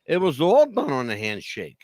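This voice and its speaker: A man's voice: moderate pace, no room sound. A man co-hosting a podcast, chatting casually and emphatically in a rambling way. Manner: rambling, emphatic storyteller with lively pitch. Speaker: podcast co-host. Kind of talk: casual wrestling talk.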